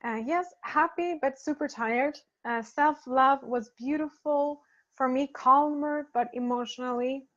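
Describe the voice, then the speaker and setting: Gentle soft-spoken woman, lo-fi sound. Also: high-pitched. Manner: soft-spoken, gentle, hesitant with many pauses and fillers. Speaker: spiritual healer leading a program. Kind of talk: casual talk reading and answering participant feedback. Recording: dull lo-fi recording.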